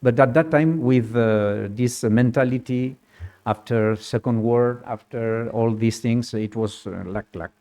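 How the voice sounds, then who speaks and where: Halting man with a dark voice. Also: medium pitch. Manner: halting, non-native English with grammar slips; lively storyteller who laughs often. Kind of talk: personal anecdote in conversation.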